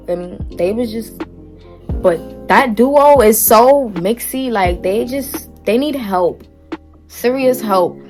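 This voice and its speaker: A young woman vlogger telling a family story in a casual, sassy way, full of slang. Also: mid-range voice.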